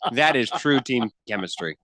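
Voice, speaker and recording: A man's voice: medium pitch, animated, moderate pace, pushed and bright, no room sound, clean studio sound. A man co-hosting a casual sports radio show, playful and teasing, laughing often. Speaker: radio co-host.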